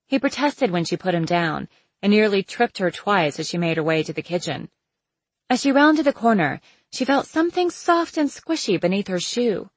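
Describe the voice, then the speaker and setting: A woman narrates a novel in a measured, steady storytelling voice. Her voice sits somewhat low, and the recording is dry and close with no room sound. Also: no echo, rough recording. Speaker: audiobook narrator. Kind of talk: scripted narration.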